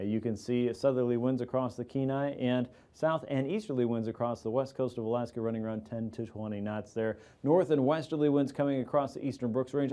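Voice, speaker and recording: A man presenting an aviation weather forecast as a meteorologist, in a steady explanatory delivery with occasional fillers. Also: medium pitch.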